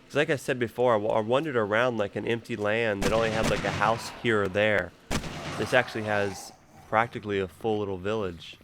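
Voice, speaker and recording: A man's voice: lowish voice, fairly even intonation, fairly quick, background noise. A man giving casual, rambling gameplay commentary as a gaming YouTuber. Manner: rambling, loose, laughs easily.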